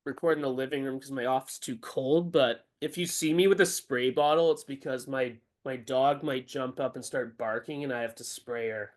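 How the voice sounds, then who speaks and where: A man's voice: mid-range voice, moderate pace, hardly any pauses. A man co-hosting a podcast from his living room, flustered and apologetic, laughing often. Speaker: podcast co-host. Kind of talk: casual chat.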